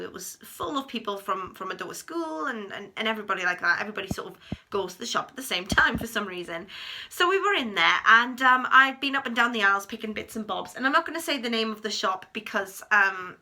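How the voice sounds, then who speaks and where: A woman in her thirties telling a personal story to camera in a chatty, animated way, acting out what people said. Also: medium pitch, fast. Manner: chatty, animated retelling with acted quotes. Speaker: vlogger. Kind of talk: storytime vlog.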